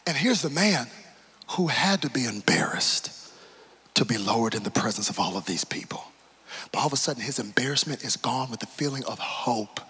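A man preaching a sermon to a congregation, swinging from hushed near-whispers to loud, excited shouts, with humor and acted-out Bible scenes. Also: mid-range voice, slightly rough. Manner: acts out Bible scenes with put-on voices. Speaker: pastor.

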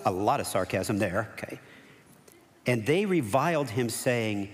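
A male pastor preaching a sermon, animated, acting out quoted voices and dropping to hushed asides. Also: fairly low pitch, normal speed. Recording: long reverb of a church hall.

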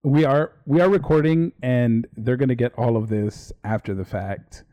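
A mellow, warm-voiced man talks loosely and casually as the host of a livestream. He rambles a little and drops the odd curse word offhandedly. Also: mid-range voice, moderate pace, highs cut off. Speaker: podcast host.

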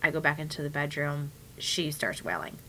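A young woman telling a story in a lively, expressive voice that swoops from low murmurs up to high peaks. Her tone is bright and forward, a little lower-pitched than most. She acts out her own quotes with whispers and bursts of emphasis, over a faint hiss of background noise. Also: normal speed. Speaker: podcast co-host. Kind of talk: casual chat.

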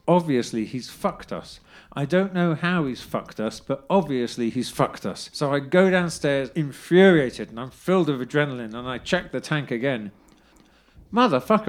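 A man telling a funny personal story in a wry, self-deprecating way, swearing freely. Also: medium pitch. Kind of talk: anecdotal storytelling, casual.

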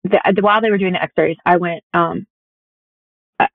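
A woman's voice: lowish voice, steady tone, moderate pace, dry recording. Casting: young woman guest, chatty and filler-heavy storyteller, thin phone-like sound, dry. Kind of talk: casual conversation. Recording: tinny phone-like audio.

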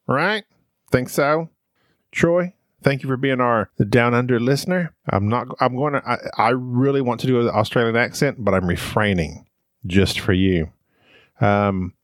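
A man's voice: medium pitch, dry recording, clean studio sound. A man co-hosting a podcast, playful and rambling in casual chat. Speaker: podcast co-host.

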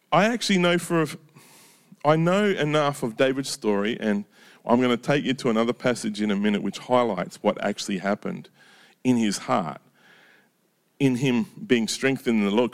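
A male pastor delivers his sermon in a relaxed, chatty way, often stopping to ask his listeners questions. His voice sits at an ordinary male pitch and drops soft and low whenever he reads scripture or pauses to reflect. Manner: conversational, with frequent rhetorical questions ("right?").

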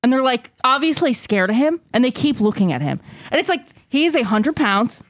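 A woman's voice: sits high, very animated, fairly quick, dry recording. A woman chatting casually on a podcast, blunt and profane, often laughing as she tells stories. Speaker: podcast co-host. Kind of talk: casual chat.

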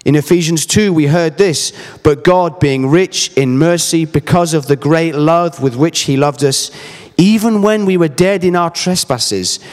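Man preaching in a reverberant hall. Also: mid-range voice. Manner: earnest, emphatic, personal storytelling. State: briefly emotional. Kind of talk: sermon.

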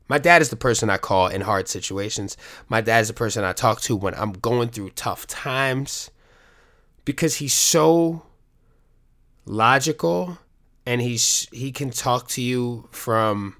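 A man's voice: medium pitch, lively intonation, normal speed, a bit bright. A middle-aged man, a coach, talking candidly to his viewers in a rambling, profane, joking way. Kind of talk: casual monologue to viewers.

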